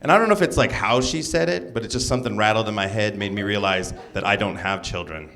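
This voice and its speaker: A young stand-up comedian works a club stage in a lowish voice at a quick pace, delivering a loose, jokey set with asides to the crowd between bits. The live recording carries heavy background noise from audience laughter and clapping.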